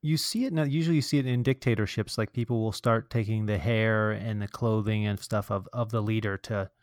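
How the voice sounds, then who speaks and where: A man's voice: lowish voice, fairly even intonation, a little fast, no echo, studio quality. A man hosting a podcast in a casual, joking, chatty way, with fillers and asides. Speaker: podcast host.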